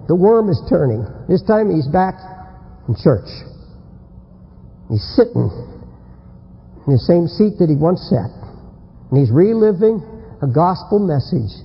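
A man preaching a fiery sermon, telling a story and acting out its people, swinging from shouts to hushed warnings. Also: on the high side, very animated, measured pace, gravelly, pauses often, breathy edge. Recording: lo-fi recording in a reverberant hall.

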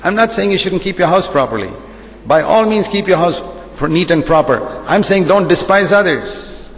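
A man's voice: sits high, lively intonation, normal speed, big-room sound, rough recording. A man preaching a sermon as a pastor, emphatic and repetitive, firing rhetorical questions.

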